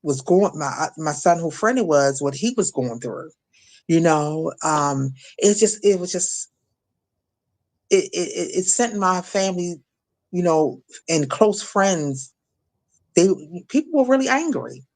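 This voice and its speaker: A middle-aged woman from Maryland giving an emotional personal testimony as an interview guest, halting, repeating words and acting out what others said. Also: on the low side, lively intonation, darkish tone. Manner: halting, repeats words, acts out quoted voices. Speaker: guest, shooting survivor.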